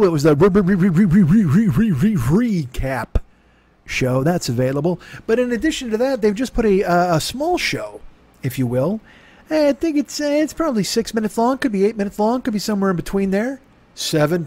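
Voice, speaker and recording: A man hosts his comedy podcast and rambles in circles, mocking himself and swearing freely. His voice sits a little high. The sound is dry and close, with no room echo. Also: a little mellow. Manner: rambling, self-mocking, profane, talks in circles. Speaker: podcast host.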